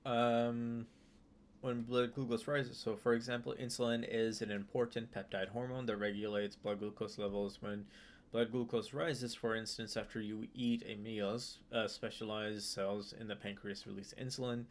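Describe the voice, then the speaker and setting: A man's voice: lowish voice, little pitch movement, moderate pace. A young man streaming his study session, reading a textbook passage aloud and explaining it casually with many fillers and restarts. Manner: reads text aloud then explains loosely with fillers and restarts. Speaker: student streamer.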